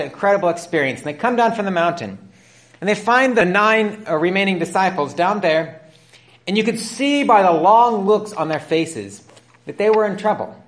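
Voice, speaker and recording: Guy preaching a sermon, kinda high voice, tells the bible story like a play with the voices. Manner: storytelling, acts out dialogue with rising pitch.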